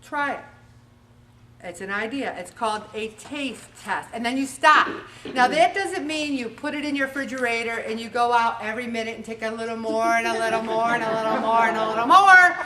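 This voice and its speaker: A woman in her forties hosting a motivational weight-loss talk, animated and acting out little scenes as she goes. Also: fairly high pitch, fairly quick, recorded from a distance, a little hiss or hum. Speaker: weight-loss show host.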